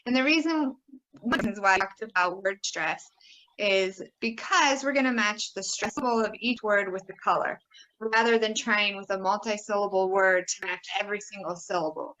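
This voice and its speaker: A woman teaching pronunciation, modelling vowel sounds and words with slow, exaggerated care. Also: medium pitch, bright, forceful tone, rough recording. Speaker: pronunciation instructor. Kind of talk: recorded teaching video.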